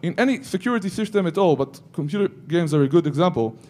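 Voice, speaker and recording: A man's voice: on the high side, lively intonation, quick pace, a little mellow. A man giving a security conference talk, breaking into joking asides to the audience. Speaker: conference speaker.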